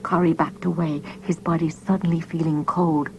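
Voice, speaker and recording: Female audiobook narrator, measured and dramatic, slightly low pitch. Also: flat delivery, creaky, a little mellow, highs cut off, a little hiss or hum. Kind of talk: scripted narration.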